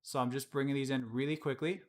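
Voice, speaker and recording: A man casually explaining his work on a live-streamed software tutorial, chatting and laughing at his own slips. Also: medium pitch, steady tone, quick pace. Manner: casual, laughs often, self-deprecating.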